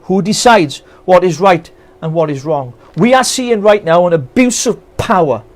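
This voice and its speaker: A man's voice: high-pitched, animated, moderate pace. A Welsh man, a political campaigner, ranting with passion and indignation on a live stream, firing off rhetorical questions. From Wales. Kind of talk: impassioned live-stream rant.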